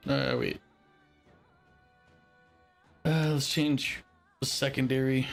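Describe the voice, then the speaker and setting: A man's voice: mid-range voice, level tone, slow, vocal fry, soft background music. A man casually commentating while he plays a video game. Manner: offhand commentary over gameplay. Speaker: gameplay streamer. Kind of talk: casual let's play commentary.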